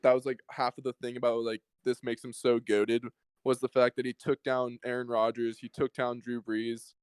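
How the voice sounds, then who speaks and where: A man's voice: mid-range voice, little pitch movement, normal speed, a little mellow, clear, resonant tone, no room sound, low-quality recording. A young man co-hosting a casual podcast, talking in long rambling runs and swearing freely. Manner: rambling, swears, mimics others. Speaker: podcast co-host. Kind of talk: casual chat.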